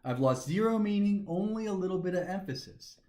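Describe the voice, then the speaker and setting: Male teacher with a fairly high voice who talks methodically through each step; recorded in a reverberant room. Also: expressive, brisk, mellow. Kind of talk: recorded grammar lesson. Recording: echoey room.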